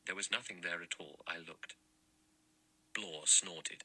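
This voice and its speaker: A man reading a mystery audiobook in measured, even narration. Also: deep voice, husky, poor audio. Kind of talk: scripted narration.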